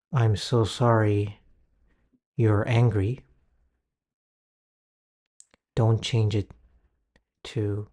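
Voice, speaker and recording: A man with a low, mellow voice leads a guided healing meditation. He talks very slowly and gently, leaving long pauses between instructions and phrases. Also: flat delivery. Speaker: guided healing session leader.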